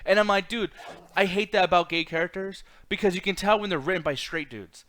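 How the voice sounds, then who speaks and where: A man's voice: high-pitched, a little fast, fairly bright tone. A man co-hosting a casual movie review chat, ranting bluntly and with exasperation, swearing often. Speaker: podcast co-host.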